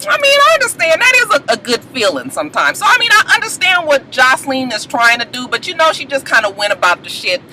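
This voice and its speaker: A woman's voice: high-pitched, wildly swooping pitch, quick pace, hardly any pauses, noisy background. A woman in a sassy, gossipy, casual recap of a reality show, often adding "okay?". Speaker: TV recap vlogger.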